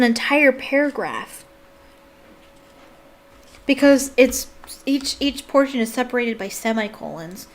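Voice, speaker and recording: A woman reading a novel aloud for online viewers, breaking off into animated, exclaiming asides. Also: on the high side, slow, long pauses. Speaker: YouTube reader.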